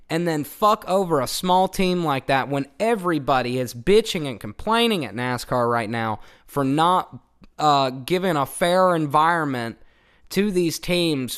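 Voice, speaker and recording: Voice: medium pitch, smooth. A channel host delivering a profane, heated rant, swearing often, repeating points for emphasis and talking straight to the viewers. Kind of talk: profane old-school rant to camera.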